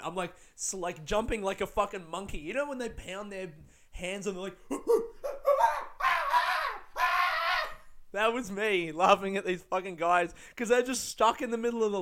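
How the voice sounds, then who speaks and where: Young Aussie guy, somewhat high pitch, casual anecdote, rambles with fillers and cussing. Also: fairly bright tone. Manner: rambling, lots of fillers and swearing, laughing often. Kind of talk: casual storytelling.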